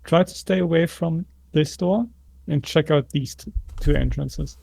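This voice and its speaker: A man playing a tabletop game, calm and deliberate. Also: a little high, gravelly, slightly rough, dry recording. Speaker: player.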